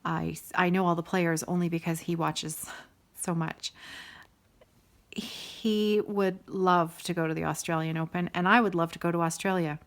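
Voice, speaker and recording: Chatty woman host, slightly low voice. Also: fairly even intonation, moderate pace. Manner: chatty and rambling, with asides and sidebars; warm and enthusiastic. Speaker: host of a stitching video show. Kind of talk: casual chat to viewers.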